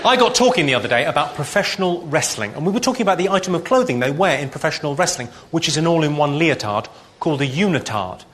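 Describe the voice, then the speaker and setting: A man performing a stand-up comedy set, delivering dry deadpan one-liners. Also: a little high, fast. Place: live comedy venue. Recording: live show with loud background noise.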